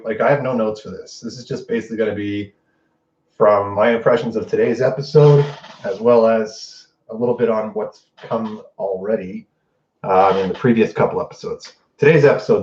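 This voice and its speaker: A man's voice: fairly low pitch, moderate pace. A man hosting a show, giving an unscripted and profane recap of a TV episode and acting out the characters' lines as he goes. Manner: animated and profane, acts out quotes. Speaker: host. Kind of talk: casual spoiler recap. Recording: distant roomy dull lo-fi mic.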